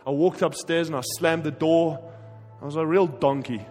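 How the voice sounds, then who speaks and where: A man preaching a sermon with passion, his voice swinging between forceful emphasis and quiet, hushed stretches. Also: a little high, steady tone, moderate pace, long reverb tail, faint music behind. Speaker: pastor.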